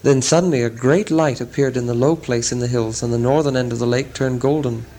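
A man reading a storybook chapter aloud as a narrator, in a measured, dramatic way. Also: medium pitch, fairly even intonation, warm tone, a little hiss or hum, rough recording. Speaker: audiobook narrator. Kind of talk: scripted narration.

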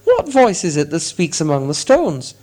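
A man voicing a steady, formal soldier. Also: a little high, normal speed. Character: stern male soldier, plain and steady. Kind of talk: audiobook character voice.

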